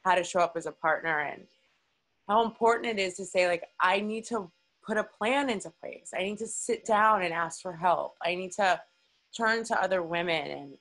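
A woman's voice: on the low side, moderate pace, a bit bright, low-quality recording. A woman hosting a podcast, talking in an emotional, encouraging and emphatic way. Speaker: podcast host. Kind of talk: casual interview chat.

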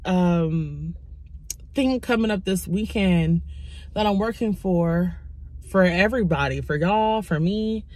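A woman in her twenties, tearful from crying, talking haltingly and candidly into her phone in a confessional vlog. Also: lowish voice, darkish tone, no room sound. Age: 20s. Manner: halting, raw and candid, many pauses. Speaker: YouTuber.

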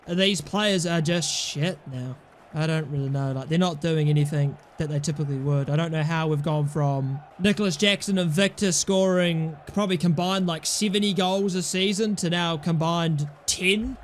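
A man's voice: a little high, steady tone, moderate pace, slight background noise. A young man giving casual commentary over his own gameplay, exasperated and sarcastic, swearing often. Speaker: gaming channel host.

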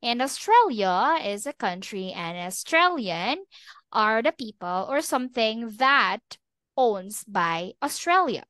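A woman English teacher giving a slow, patient online lesson over a video call. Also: fairly high pitch, sing-song, fairly bright tone, no echo.

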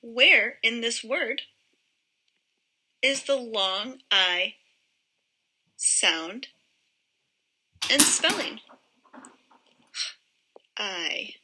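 A woman teaching a phonics lesson to young children, modelling each word sound slowly and clearly. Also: fairly high pitch, lively intonation, pushed and bright, poor audio.

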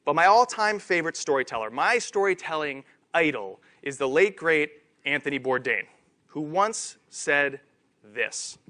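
A man giving a conference keynote talk on stage, animated and self-deprecating. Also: fairly high pitch, unhurried. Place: conference stage before an audience.

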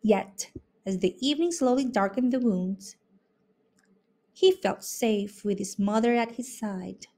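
A woman reading a children's picture book aloud in an expressive, unhurried way. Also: medium pitch. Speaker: storybook reader. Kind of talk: children's read-aloud narration.

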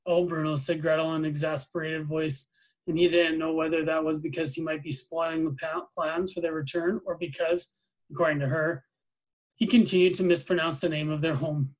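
A man with a slightly high voice reads a novel aloud to his students. His reading is plain and even, with small slips that he corrects as he goes. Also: normal speed, poor audio.

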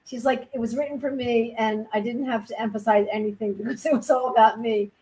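A woman with a somewhat high voice hosts an interview. She talks in a chatty, easy way and keeps the guest going with quick follow-up questions. The sound comes over a video call. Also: steady tone, very noisy. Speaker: show host. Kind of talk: casual interview.

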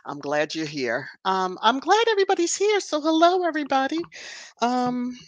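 A woman's voice: high voice, big pitch swings, moderate pace, no echo. A woman hosting a casual live stream, greeting viewers one by one by name and lifting her voice on each greeting. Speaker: livestream host. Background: soft background music.

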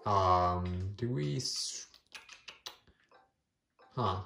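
A man's voice: deep voice, drawn-out words, gravelly, roomy sound. A man giving casual gameplay commentary, giggling and making fun of his own skills. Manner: giggly, self-deprecating chatter. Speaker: let's play host.

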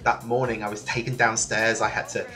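A man's voice: on the low side, fairly quick. Man telling a personal story in an interview. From England, near Liverpool. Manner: storytelling, lively, with many restarts. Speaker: guest. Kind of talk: casual interview chat. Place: remote call from another country than the host.

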